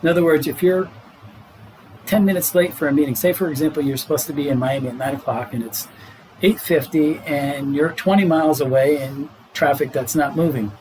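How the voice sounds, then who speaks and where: A man's voice: on the high side, fairly even intonation, brisk, a little mellow, a little hiss or hum, rough recording. A middle-aged man, a doctor guest on a podcast, explaining health matters in an earnest, casual way and laughing easily.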